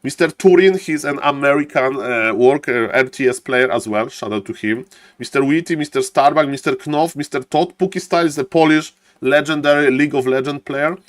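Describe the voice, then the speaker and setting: A man who is not a native English speaker, casting a game live on stream in a showy way, chatting with viewers and greeting them warmly. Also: medium pitch, brisk, dry recording. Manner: showman-like, keeps repeating "ladies and gentlemen". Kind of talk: live esports commentary.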